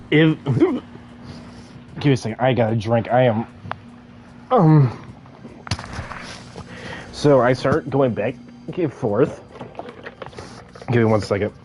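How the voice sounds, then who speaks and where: Young man, casual gaming story, stutters, mid pitch, faint background hum. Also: darkish tone. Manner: stutters and repeats sounds; laughs while telling.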